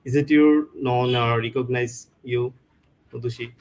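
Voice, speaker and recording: Halting male live-show host. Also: mid-range voice, fairly even intonation, low-quality recording. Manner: halting, loose phrasing with many restarts. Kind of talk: casual live-stream chat.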